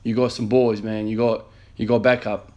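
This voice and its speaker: A man's voice: lowish voice, flat delivery, moderate pace, darkish tone. A man in his thirties, an emergency nurse, earnestly telling a story in a motivational vlog with many fillers. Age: 30s.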